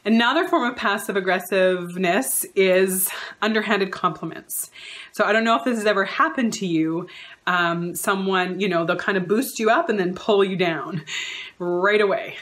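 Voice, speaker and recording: A woman counsellor gives an earnest advice talk, stringing together lists of repeated phrases and acting out quoted remarks in shifted voices. Her mid-range voice is a bit bright, and she speaks at a normal speed.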